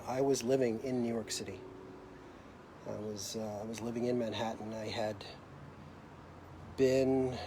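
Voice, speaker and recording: A man's voice: medium pitch, background noise. A middle-aged American man hosting a live video, telling a personal story in a reflective, hesitant way with many fillers and restarts. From United States.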